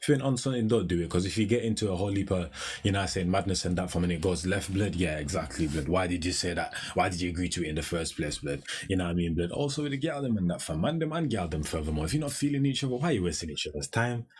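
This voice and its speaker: A young man talks fast and casually as a music reaction host, his voice sitting a little low. He rattles along in slang with constant fillers, and a faint noise hums behind him. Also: lively intonation, darkish tone.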